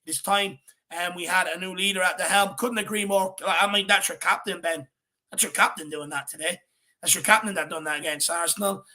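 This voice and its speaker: A man's voice: high-pitched, fairly even intonation, fairly quick, pushed and bright. A man with an Irish accent hosting a football fan show, talking casually and energetically, calling people "my man" and "brother.".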